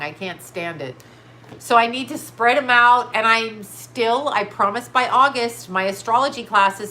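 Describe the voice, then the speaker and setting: A woman with a mid-range, bright voice and a forceful tone hosts a casual psychic livestream, rambling bluntly and scatteredly while reading viewer comments aloud. Her nose is stuffed up, and there's a little hiss or hum in the audio.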